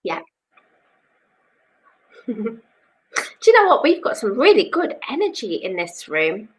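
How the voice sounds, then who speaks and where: Rambly english lady doing a psychic live stream from home, fairly high voice, lots of "you know". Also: sing-song, slow, a little hiss or hum, low-quality recording. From England. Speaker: psychic reader. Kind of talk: live-stream chat with viewers.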